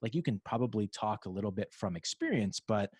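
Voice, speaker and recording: A man with a fairly low voice hosts a casual podcast chat, circling his points with fillers and restarts. His voice sits dry and close to the mic. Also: expressive, fairly quick, darkish tone, husky, dry recording. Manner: rambling, many restarts and fillers. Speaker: podcast host.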